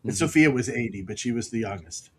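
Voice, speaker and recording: A middle-aged man co-hosting a podcast, chatting casually and telling family stories with quick impressions of the people in them. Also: mid-range voice, breathy edge, rough recording. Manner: storytelling, mimics his father's outbursts. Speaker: podcast co-host. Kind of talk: casual chat.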